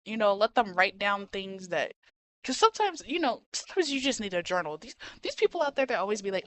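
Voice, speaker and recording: Animated slangy young woman streamer. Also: mid-range voice, fairly quick. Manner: animated, slangy, says "bro" and "freaking" a lot. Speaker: streamer reacting to a video. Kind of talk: casual reaction commentary. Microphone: desk mic.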